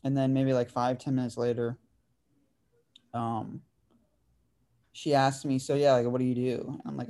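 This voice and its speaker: Speaking at a moderate pace with frequent pauses, a twenty-something podcast host shares a story in easygoing conversation. His medium-pitched voice is a little mellow, and he leans heavily on "dude" and "like."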